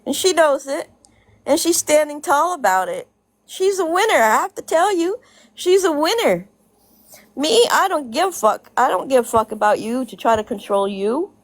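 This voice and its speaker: A woman's voice: high-pitched, big pitch swings, normal speed, no echo. A woman in a casual vlog rant, blunt and profane, repeating her points for emphasis and laughing between them. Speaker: social media commentator.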